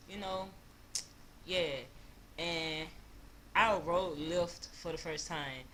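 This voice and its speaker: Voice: mid-range voice, pushed and bright, a little hiss or hum. Laid-back young vlogger with a Louisiana accent. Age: about 20. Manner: slangy, laid-back, loose storytelling. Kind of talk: casual storytime vlog.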